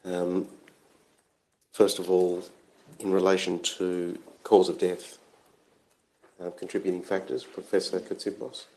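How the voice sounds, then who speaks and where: A man's voice: low voice, little pitch movement, unhurried, pauses often, warm tone, rough recording. An Australian man questioning expert witnesses at an inquest, brief and procedural. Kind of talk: formal courtroom questioning.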